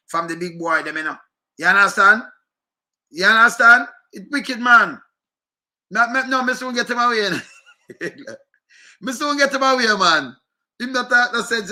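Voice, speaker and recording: A man's voice: a little high, pushed and bright. A middle-aged man with a Jamaican accent, a former police officer, delivering a rambling, emphatic rant that keeps circling back on itself. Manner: rambling, emphatic, repeats himself. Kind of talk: ranting monologue.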